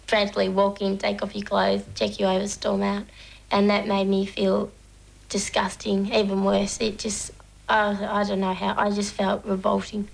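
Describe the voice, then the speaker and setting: Flat, creaky-voiced woman, halting. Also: mid-range voice, low-quality recording. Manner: flat, halting, with repeated restarts. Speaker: interviewee recounting a medical examination. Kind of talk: documentary interview testimony.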